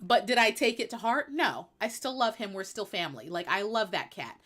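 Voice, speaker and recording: A woman's voice: mid-range voice, animated, brisk, fairly bright tone. A woman hosting a live stream, talking bluntly and emphatically in an opinionated, sassy way. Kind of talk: opinionated casual chat.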